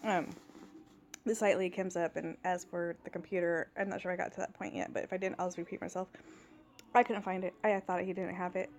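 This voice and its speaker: In a casual vlog, a female vlogger in her thirties rants in exasperation about something that happened at work, performing the quoted dialogue of others. Her voice is fairly low, level in tone, and a little mellow, and she speaks briskly.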